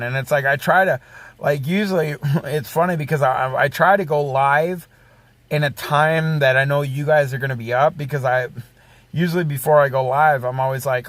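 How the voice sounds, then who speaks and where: A man's voice: mid-range voice, normal speed, a bit bright, no room sound. A man hosting a casual livestream, rambling and swearing freely as he reads and answers chat messages aloud. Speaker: livestream host.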